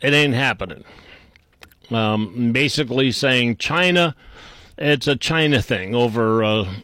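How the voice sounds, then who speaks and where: A man's voice: medium pitch, lively intonation, unhurried, pushed and bright, no echo. A man hosting a talk radio show, rambling and irreverent, with many fillers and restarts. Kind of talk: casual talk radio monologue.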